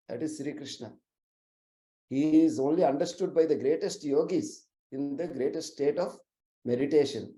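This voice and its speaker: A man's voice: fairly high pitch, moderate pace, mellow. A man telling sacred stories as a lecture, in an earnest, explanatory way with frequent fillers and restarts. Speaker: storyteller. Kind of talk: religious storytelling lecture. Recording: roomy echoey recording.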